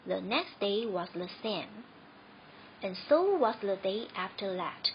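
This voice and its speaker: Slow gentle woman reading a story. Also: medium pitch, expressive, highs cut off, a little hiss or hum. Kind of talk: reading a children's story aloud.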